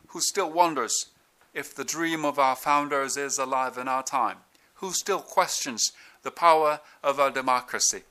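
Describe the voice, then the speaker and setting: Guy doing a british-accent president victory speech, slow and grand, bright edgy tone. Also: a little high, clean tone. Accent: British, put on. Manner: slow, deliberate oratory with dramatic pauses. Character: male president giving a stirring victory speech. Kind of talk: speech impression.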